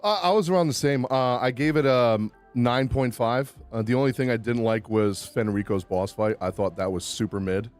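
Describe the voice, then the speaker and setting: A man's voice: medium pitch, moderate pace, hardly any pauses, darkish tone, soft background music. A man from Boston with a Boston accent, a podcast guest talking in a laid-back way with many fillers. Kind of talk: casual podcast chat.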